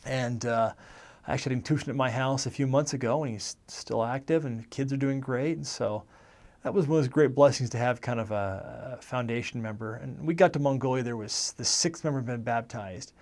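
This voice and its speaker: A man's voice: medium pitch, brisk, darkish tone. A man in his forties, a former missionary, telling his life story in a rambling, conversational way, often correcting himself as he goes. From United States. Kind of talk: casual personal storytelling.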